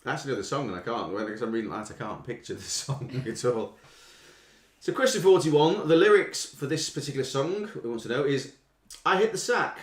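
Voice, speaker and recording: A man hosting a live online quiz from home, playfully reading song lyrics in a slow, dramatic sing-song. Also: medium pitch, expressive. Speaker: quiz host. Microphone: desk microphone. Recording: echoey room.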